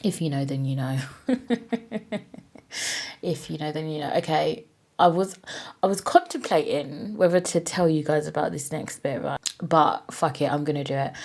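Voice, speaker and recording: Speaking into her own podcast mic, a woman hosts a casual solo show in a fairly low, darkish voice. She's frank and chatty, swearing freely and leaning on lots of fillers.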